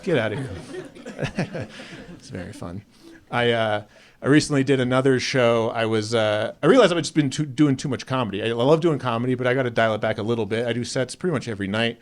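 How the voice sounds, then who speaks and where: A man doing a stand-up comedy set on a club stage, with self-deprecating, deadpan asides. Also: mid-range voice, fast. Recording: live club crowd audible. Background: audience laughing.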